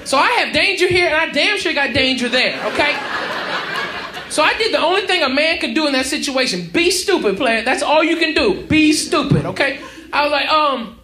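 A man's voice: very high-pitched, very animated, brisk, noisy background. Brash, profane male stand-up comic from Texas. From Houston, Texas. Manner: brash, profane, crowd-baiting storytelling. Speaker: stand-up comedian. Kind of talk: stand-up comedy set. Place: comedy club stage. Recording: echoey club with crowd laughter.

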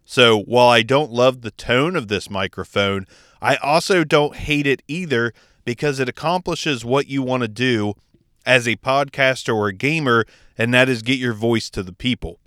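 Smooth-voiced man explaining podcast gear. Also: mid-range voice, normal speed, a bit bright, dry recording, studio quality. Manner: opinionated, chatty, enthusiastic. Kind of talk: casual tutorial. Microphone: speaking into a close dynamic microphone.

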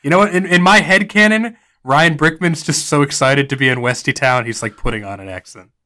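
A man's voice: a little high, a little fast, bright, forceful tone. A man narrating and improvising as game master of a tabletop role-playing game.

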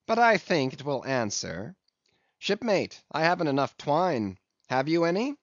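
A man's voice: a little high, very animated, a little slow, dry recording, voice pushed up, heavily acted. Steelkilt, a man as a cool defiant sailor. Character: defiant male sailor, calm and scheming. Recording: dull lo-fi audiobook recording.

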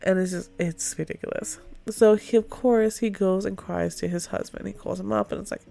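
A woman's voice: medium pitch, fairly even intonation, moderate pace, creaky, warm tone. A woman giving a casual, sarcastic book review rant, full of swearing and filler words. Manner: sarcastic, profane, heavy use of "like".

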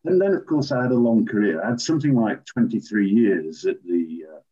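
Older english guy spinning yarns, lowish voice, kinda muffled recording. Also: a little fast. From England. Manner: animated raconteur, acts out quoted voices. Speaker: former football referee, guest. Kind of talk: anecdotal storytelling. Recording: dull lo-fi recording.

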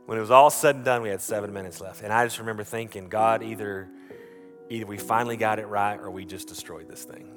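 Male pastor, low-ish voice, storytelling sermon with many restarts, music bed underneath. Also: steady tone, fast.

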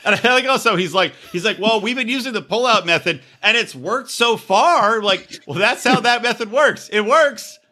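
A man's voice: sits high, moderate pace, hardly any pauses, sharp tone. A man co-hosting a podcast, chatting crudely and joking, laughing often. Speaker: podcast co-host. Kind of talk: casual comedic chat.

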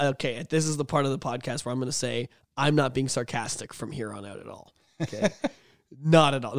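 A man's voice: medium pitch, a little mellow, no room sound, clean studio sound. Rambling, profane male podcast host. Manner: rambling, profane, laughs often. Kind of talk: casual storytelling chat.

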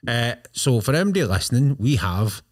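A man's voice: mid-range voice, very animated, fairly quick, a crowd in the background. A man hosting a podcast in a laid-back, casual way. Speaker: podcast host. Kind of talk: casual chat.

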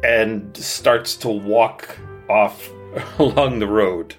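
A woman narrating a tabletop game as game master, describing scenes slowly and laughing often. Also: rumbling low, fairly even intonation, soft background music.

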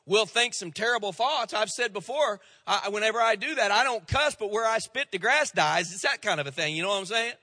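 A man preaching a sermon as pastor, folksy and emphatic, slowing down to stress the words he quotes. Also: high-pitched, lively intonation, pushed and bright, no room sound, in a large hall.

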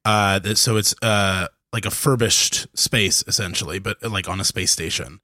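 A man playing a tabletop game who describes his moves haltingly, with many fillers. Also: low voice, pushed and bright, no room sound, clean studio sound. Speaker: player.

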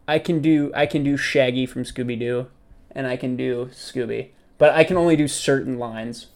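A man's voice: mid-range voice, moderate pace. A young man co-hosting a casual chat, hesitant and full of restarts, laughing often.

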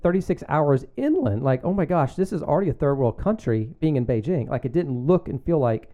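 A middle-aged man telling a story in casual chat as a podcast guest, animated and full of fillers and laughter. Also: fairly high pitch, brisk, dull audio. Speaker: guest, magazine founder.

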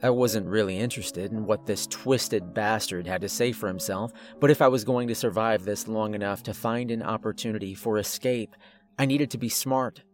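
A man narrating a first-person horror story in a tense, steady scripted delivery. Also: fairly low pitch, moderate pace, soft background music.

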